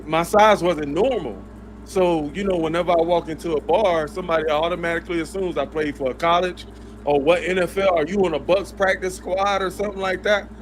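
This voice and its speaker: High-voiced man telling casual stories. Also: fairly even intonation, brisk, slight background noise. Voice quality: laid-back, slangy, rambling. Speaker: podcast guest. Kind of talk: casual storytelling.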